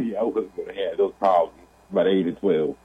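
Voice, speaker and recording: A man's voice: low-pitched, brisk, husky, no echo, phone-quality sound. A man calling in to a sports radio show, speaking hesitantly with many fillers. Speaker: caller. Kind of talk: casual call-in talk.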